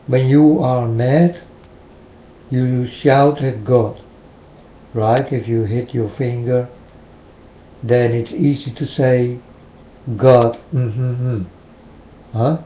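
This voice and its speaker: A man from the Netherlands with a Dutch accent, preaching casually in an earnest, halting way and asking the same questions again and again. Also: medium pitch, steady tone, echoey room, muffled recording, a little hiss or hum. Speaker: religious vlogger.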